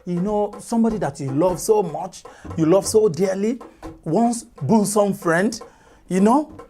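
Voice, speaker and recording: A woman telling a folk tale in an animated, chatty way, with asides to listeners. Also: medium pitch, measured pace, faint music behind. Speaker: storyteller.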